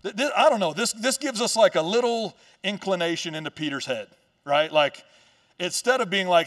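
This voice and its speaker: On a church stage, a male pastor with a high, fairly bright voice preaches a sermon like a loose, joking storyteller. He works through the story with quick asides and playful lines, sounding a little distant from the mic.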